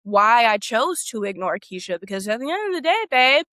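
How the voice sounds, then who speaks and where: A woman's voice: a little high, sing-song, fairly quick, pushed and bright, no echo. A woman in her thirties, a former teacher and coach, telling her story in a candid interview with emphatic, casual talk.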